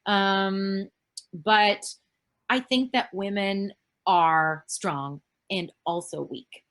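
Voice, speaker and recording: A woman's voice: mid-range voice, very slow, a bit bright. A woman in her thirties from Canada, an actress answering fan questions in a casual virtual panel over a video call, rambling with lots of fillers and the odd swear word.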